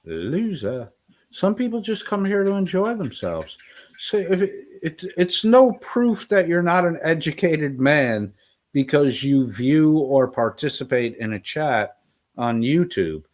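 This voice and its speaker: A man's voice: fairly high pitch, animated, a little slow. A man in a scornful, profane rant, hurling insults. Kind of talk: ranting commentary.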